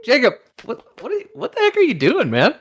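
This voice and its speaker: A man co-hosting an improv comedy show in casual chat, goofy, giving deadpan absurd answers and laughing, over a voice call. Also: extremely high pitch, brisk.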